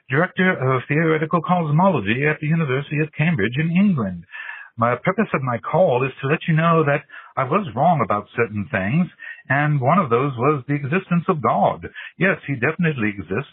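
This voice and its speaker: A man's voice: fairly high pitch, husky, no room sound, phone-quality sound, heavily acted. A male caller acting as the ghost of a famous late physicist, delivering mock-solemn threats over a phone voicemail. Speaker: podcast caller.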